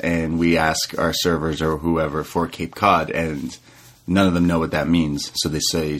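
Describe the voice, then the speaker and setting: A man co-hosting a casual chat, talking as a relaxed and enthusiastic wrestling fan. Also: rumbling low, a little slow. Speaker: co-host.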